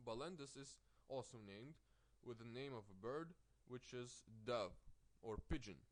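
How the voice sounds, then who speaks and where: A man teaches a vocabulary lesson at an unhurried, deliberate pace, in a mid-pitched voice. He says each word twice to show where the stress falls, with small slips and restarts along the way. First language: Lithuanian. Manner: slow, careful, repeats words with stress, small restarts. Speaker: language teacher.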